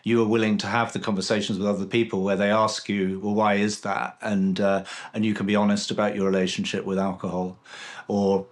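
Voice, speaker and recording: Low-voiced man telling an earnest story. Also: little pitch movement, fairly quick. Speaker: podcast host. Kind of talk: casual conversational interview.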